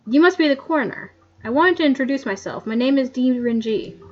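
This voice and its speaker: A woman reading the lines of a polite young male magistrate in an even, formal manner, on a muffled lo-fi mic. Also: high-pitched, a little fast. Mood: earnest.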